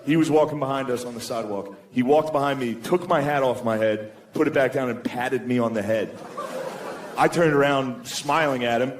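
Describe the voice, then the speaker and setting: A man performing stand-up comedy in a live show, with a crude, deadpan delivery, often laughing at his own jokes. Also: mid-range voice, normal speed, slight background noise. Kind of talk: stand-up set before a live audience. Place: large hall with a live audience. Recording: stage mic in a reverberant hall with loud crowd laughter.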